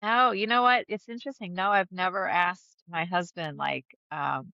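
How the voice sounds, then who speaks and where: A woman's voice: lowish voice, steady tone, normal speed, vocal fry, bright, forceful tone, dry recording, dull audio. A woman guest talking openly in an interview, chatty, laughing often and restarting her sentences. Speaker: podcast guest. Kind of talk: candid conversational interview.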